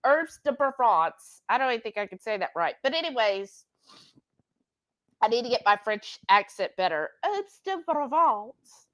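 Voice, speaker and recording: A woman's voice: medium pitch, lively intonation, normal speed, fairly bright tone. A woman co-hosting a live cooking stream, chatting and reading viewer comments aloud. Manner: chatty, reads comments aloud, laughs often. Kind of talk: casual chat while cooking.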